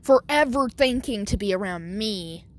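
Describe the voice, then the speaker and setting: A woman's voice: medium pitch, animated, moderate pace, natural voice. A woman voicing an arrogant young bully who speaks with sneering contempt. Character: cruel arrogant bully boy.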